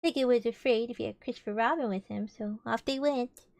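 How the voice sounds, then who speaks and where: High-voiced, chatty young woman reading aloud. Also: fairly quick, gravelly, a little mellow, no echo. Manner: chatty, giggly asides between passages. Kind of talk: casual storybook reading with chat.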